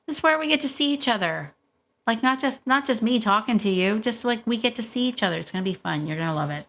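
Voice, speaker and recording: A woman's voice: fairly high pitch, expressive, fast. A middle-aged woman hosting a dog-training podcast, coaching listeners in a casual, encouraging way with frequent laughs and repetition. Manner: warm, encouraging, laughs often, repeats herself.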